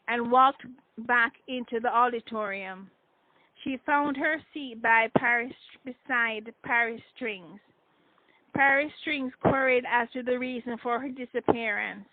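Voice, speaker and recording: A woman author reading her own novel aloud in a measured, deliberate way. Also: fairly high pitch, dry recording. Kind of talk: audiobook narration. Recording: tinny phone-like dry sound.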